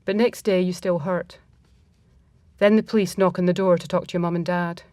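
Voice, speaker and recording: A woman reading a first-person story aloud in a reflective, measured manner. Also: on the low side, fairly even intonation, a little mellow, no echo.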